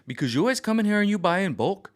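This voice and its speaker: A man's voice: high-pitched, very animated, very fast, pitched above the performer's own voice. A man putting on the voice of a nosy, overly polite store clerk who keeps asking prying questions.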